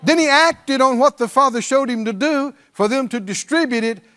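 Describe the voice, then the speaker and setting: A man's voice: extremely high pitch, moderate pace, sharp tone. A male pastor preaching a sermon, drawing on the congregation and mimicking pleading prayers.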